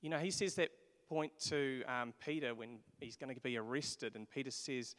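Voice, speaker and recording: Male pastor, mid pitch, resonant tone, earnest sermon with emphatic build-ups. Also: fairly bright tone. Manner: earnest preaching, builds to emphatic peaks, some "um" pauses. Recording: long hall reverb.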